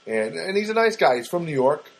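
Guy rambling thru a story on his podcast, husky voice, goes up and down a lot, lots of uh and you know. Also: fairly high pitch, sing-song, brisk, low-quality recording. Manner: rambling, many fillers and restarts; chatty, addresses listeners directly. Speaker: podcast host. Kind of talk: casual storytelling monologue.

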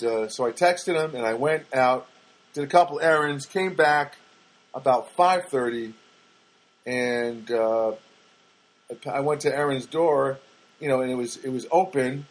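A man's voice: mid-range voice, low-quality recording. A man telling a casual, rambling story with many fillers and restarts, with wry, self-deprecating asides.

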